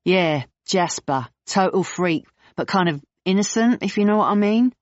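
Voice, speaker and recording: A man's voice: high-pitched, lively intonation, moderate pace, no echo, voice pushed up. A narrator voicing a blunt, casual male clown with an Estuary English accent, on a dull, dry recording. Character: blunt laid-back male circus clown.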